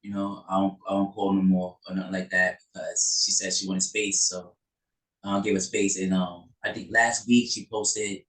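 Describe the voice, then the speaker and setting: A man hosting a podcast interview, speaking haltingly with many "um"s and restarts. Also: low voice, little pitch movement, a bit bright. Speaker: podcast host. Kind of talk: casual interview talk. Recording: roomy, distant mic.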